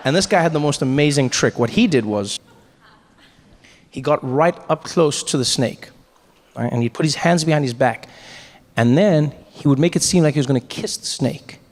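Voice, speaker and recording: A man doing stand-up storytelling, animated, often breaking off and restarting. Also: moderate pace, in a large hall. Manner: animated, many self-interruptions, jumps into high voices. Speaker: stand-up comedian.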